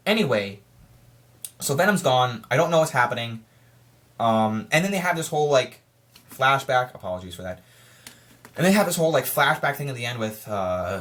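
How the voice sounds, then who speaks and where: A film reviewer giving a casual spoiler review, rambling and excitable, often restarting sentences and firing off frustrated rhetorical questions. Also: mid-range voice, normal speed. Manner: rambling and excitable, with frequent restarts and stammered repeats.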